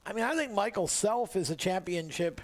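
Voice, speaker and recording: A man with a fairly high voice hosts a racing talk show from a radio studio. He chats loosely, pausing on fillers and restarting his sentences as he goes. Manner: relaxed, chatty, many fillers and restarts. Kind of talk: casual motorsport radio talk.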